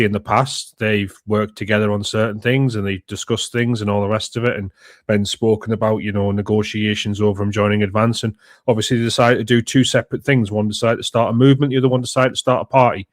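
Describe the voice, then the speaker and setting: A man speaking as a podcast guest in casual chat, relaxed and measured. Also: lowish voice, no room sound, studio quality.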